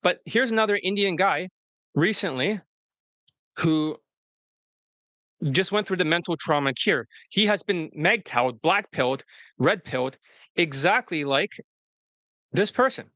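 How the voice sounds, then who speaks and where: A man's voice: high-pitched, expressive, a little slow, long pauses, sharp tone, no room sound. Blunt, profane male livestream host. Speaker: dating coach hosting a livestream. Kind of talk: casual livestream commentary.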